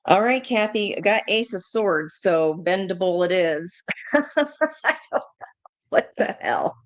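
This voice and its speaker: A woman's voice: on the low side, a little slow, no echo. A woman doing a live tarot reading, thinking aloud in a chatty way, laughing often and swearing casually. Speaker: tarot reader.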